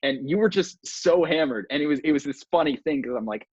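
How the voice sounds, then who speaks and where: A husky young man recounts a story in casual podcast chat, teasing his friend as he goes. His voice is dry and close, with no room sound. The mic sounds dull and lo-fi. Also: a little high, lively intonation, brisk, few pauses, a little mellow, no room sound. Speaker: podcast co-host.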